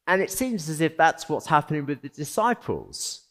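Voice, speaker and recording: A man preaching a sermon as pastor, conversational and animated, with rhetorical questions to the congregation. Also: fairly high pitch, normal speed.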